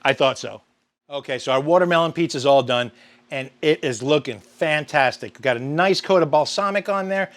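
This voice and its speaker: A man's voice: fairly high pitch, brisk. A man hosting a grilling show, talking viewers through a recipe in an upbeat, chatty way. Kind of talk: cooking demonstration to camera.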